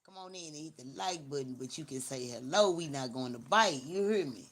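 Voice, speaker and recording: A deep, expressive voice, a little fast, belongs to a Southern-accented livestream host from Memphis, Tennessee. She keeps the chat casual, teasing, blunt, slangy and repetitive.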